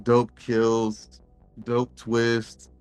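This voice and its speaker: A man's voice: medium pitch, completely flat delivery, very slow, a little mellow, soft background music. A man co-hosting a podcast, chatting about a horror film in slangy casual speech, laughing and mimicking characters. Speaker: podcast co-host. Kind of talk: casual film review chat.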